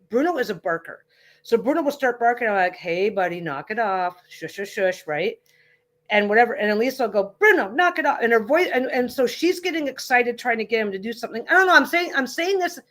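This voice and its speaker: A woman hosting a livestreamed tarot reading, chatting casually in a reassuring, rambling way with frequent restarts. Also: fairly high pitch. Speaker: tarot reader and livestream host.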